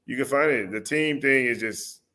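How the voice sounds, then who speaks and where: A man's voice: mid-range voice, normal speed, sharp tone. A man being interviewed on a podcast, telling stories in casual chat, acting out quotes and laughing often. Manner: storyteller who acts out quotes, laughs often. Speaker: podcast guest.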